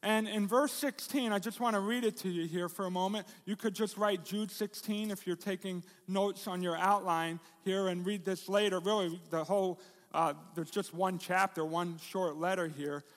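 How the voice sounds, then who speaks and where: A middle-aged man preaching a sermon, his voice sitting high for a man. He talks to the congregation in a conversational, joking way, firing rhetorical questions at them. A long reverb trails off his words, the sound of a church hall. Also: steady tone, normal speed. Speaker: pastor.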